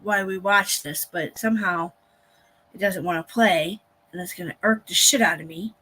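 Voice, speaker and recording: A livestream host with a low-ish, bright, forceful voice and a breathy edge talks at normal speed. Casually reacting to a court broadcast, she vents indignantly to her chat, blunt and swearing often.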